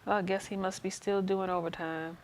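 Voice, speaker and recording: A woman's voice: mid-range voice, level tone, brisk, darkish tone, a little hiss or hum. A woman hosting a casual live stream, chatting frankly and answering questions from her viewers. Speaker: host.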